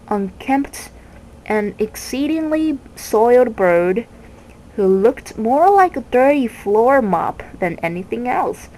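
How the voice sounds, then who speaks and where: A woman reading a children's novel aloud in a slow, measured way, with small restarts. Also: on the high side, a little mellow, slight background noise, low-quality recording. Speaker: reader.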